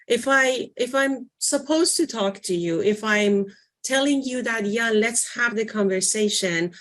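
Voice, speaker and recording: A woman leading a library workshop in an informal teaching voice, conversational and often pausing to search for words with fillers. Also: mid-range voice. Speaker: workshop presenter.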